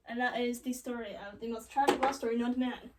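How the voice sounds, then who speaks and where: Sarcastic young woman, high and off-mic. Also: fairly even intonation, far from the mic, heavy background noise. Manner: valley-girl casual, sarcastic asides, quick quoted voices. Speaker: comedic storyteller. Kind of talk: joking retelling of a classic play.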